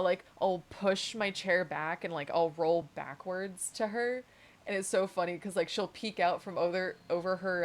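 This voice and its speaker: A woman streamer chatting casually while playing a game, telling stories in a chatty, giggly way. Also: lowish voice. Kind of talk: casual chat while gaming.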